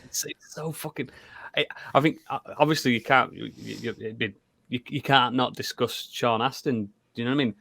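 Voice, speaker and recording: A man co-hosting a podcast in casual chat, animated, swearing and laughing often. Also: mid-range voice, normal speed, vocal fry, no echo. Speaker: podcast co-host.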